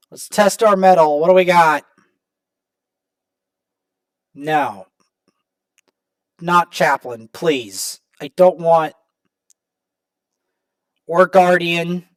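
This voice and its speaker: A man hosting a gaming channel, casually commenting to viewers as he opens rewards, prone to excited outbursts. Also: on the high side, extremely slow, long pauses, no room sound. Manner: excitable, talks to viewers while opening rewards.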